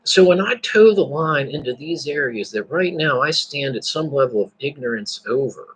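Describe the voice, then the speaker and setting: A man speaks straight to his viewers in a loose, rambling monologue, doubling back and restarting his sentences as he goes. His voice is slightly high for a man, with a bright, forceful edge and a husky grain. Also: expressive, moderate pace, poor audio. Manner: rambling, repeats words and restarts, laughs to himself. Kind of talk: casual spoken monologue.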